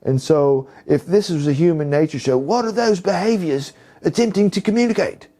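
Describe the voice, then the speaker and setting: A solemn wildlife narrator with a deliberately clumsy British accent, as a man puts him on. The voice jumps well above his usual pitch while keeping a mellow, soft-edged tone. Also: natural voice. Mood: mock solemn. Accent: British, badly imitated. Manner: self-mocking put-on narration. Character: British nature documentary narrator, male, solemn.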